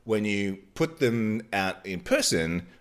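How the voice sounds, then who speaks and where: A man's voice: on the low side, very animated, slow. A man co-hosting a podcast, teasing his partner drily and steering the talk back on track. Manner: dry, teasing, moves the talk along. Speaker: podcast co-host. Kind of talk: casual comedic chat.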